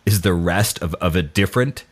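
A man with a very low voice talks through scripture in a relaxed, conversational way. He often stumbles and restarts his sentences, and he pokes fun at himself as he goes. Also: moderate pace, husky. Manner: rambling, self-deprecating, many restarts. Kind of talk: casual faith talk.

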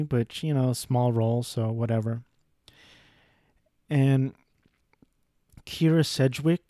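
A man's voice: mid-range voice, warm tone, no echo, studio quality. A young man giving a casual, rambling film review, swearing freely and breaking off into asides. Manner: rambling, profane, frequent restarts and asides.

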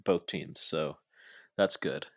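A young man casually recapping a wrestling show in a chatty, animated way. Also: extremely low pitch, slow pace, no room sound, clean studio sound. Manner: chatty, animated, acts out quoted lines. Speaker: podcast co-host.

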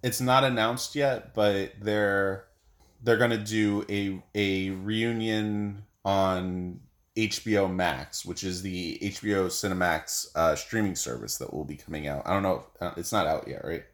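A man's voice: sits low, fairly even intonation, unhurried. A man co-hosting a podcast, talking in a loose, rambling, jokey way. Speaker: podcast co-host. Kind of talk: casual chat.

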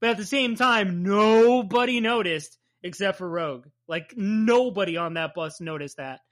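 A New Jersey man with a Jersey accent co-hosts a casual recap podcast, rambling, swearing, and laughing often. His voice is high and fairly bright, at a normal speed.

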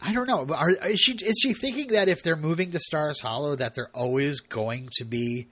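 A man's voice: fairly high pitch, moderate pace, bright, forceful tone, no room sound. A man casually recapping a TV episode as a podcast co-host, chatty and full of laughs and fillers.

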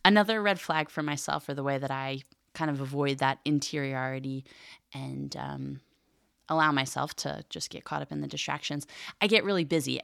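A woman's voice: low voice, creaky, fairly bright tone, clean tone, dry recording, studio quality. A woman speaking in a casual, reflective teaching style about faith, chatty and earnest, with lots of "like" and "um.". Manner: chatty, many fillers like "like" and "um". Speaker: Catholic catechism podcast co-host.

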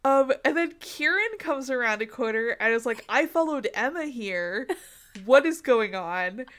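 A woman co-hosting a podcast who gives a fast, animated recap of a TV episode, laughing and saying "like" a lot. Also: a little high. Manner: animated retelling, heavy use of 'like', frequent laughter. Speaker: podcast co-host.

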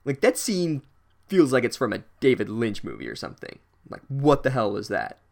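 A man's voice: medium pitch, wildly swooping pitch, normal speed, vocal fry, darkish tone. A man giving a casual comedic book recap, sarcastic and full of swearing. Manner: profane, sarcastic.

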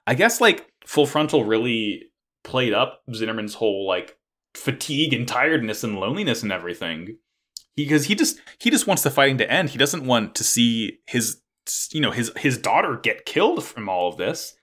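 Man, casual chat, rambling, filler-heavy, lively intonation, mid pitch. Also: moderate pace. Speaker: podcast co-host recapping an anime.

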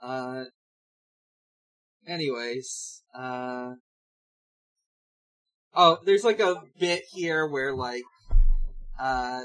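A man co-hosting a podcast, talking casually and haltingly through a comic with many fillers and restarts. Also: medium pitch, fairly bright tone, poor audio. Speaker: podcast co-host. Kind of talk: casual chat reading a comic.

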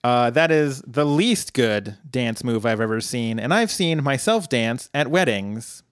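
A man co-hosting a podcast, recapping an episode in casual chat with dry, deadpan jokes. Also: medium pitch, a little slow, dry recording. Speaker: podcast co-host.

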